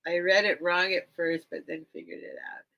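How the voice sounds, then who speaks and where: A woman's voice: lowish voice, steady tone, moderate pace, creaky, bright, forceful tone. A woman hosting a live online vintage sale from home, rambling and chatting straight to her viewers. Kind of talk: casual live-stream chat.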